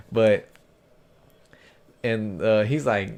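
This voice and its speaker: A man's voice: lowish voice, very slow, darkish tone. A man casually recapping an anime episode for his review, rambling and loose, with plenty of fillers, self-corrections and slang. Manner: informal slangy talk.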